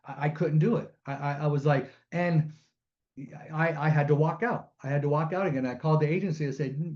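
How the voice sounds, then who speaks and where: A man's voice: on the high side, a little fast, muffled recording. A middle-aged man telling personal stories on a webinar, acting out the quoted voices as he goes. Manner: animated storytelling, acts out quotes. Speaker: guest storyteller and sign language interpreter.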